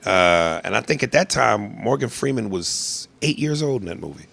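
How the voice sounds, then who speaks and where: A man's voice: fairly low pitch, expressive, normal speed, vocal fry, fairly bright tone. A man hosting a podcast, joking crudely and animatedly in casual chat, at times playing a bossy film director. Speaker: podcast host.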